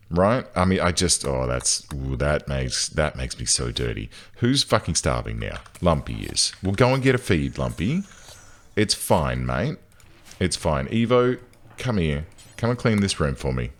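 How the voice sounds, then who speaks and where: A man giving casual commentary as he plays a game, chatting along and breaking into loud, exasperated outbursts. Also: sits low. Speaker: gaming channel host.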